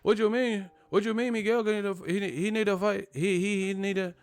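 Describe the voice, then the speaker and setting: A man voicing an angry male boxing fan who shouts threats, in a loud, high, mocking imitation. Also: animated, normal speed, no echo. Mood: mocking outrage.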